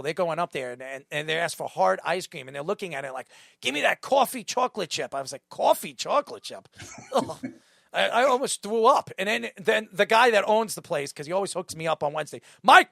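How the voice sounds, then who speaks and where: A man hosting a casual podcast interview, rambling and animated, repeating himself and mimicking accents. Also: high voice, a little fast, creaky, dry recording, studio quality. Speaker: show host.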